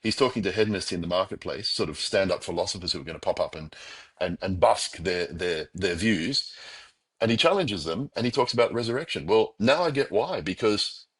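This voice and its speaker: A middle-aged Australian man telling his own story as an interview guest, reflective and animated, with restarts and quoted thoughts. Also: low-pitched, fairly quick, breathy edge. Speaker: podcast guest.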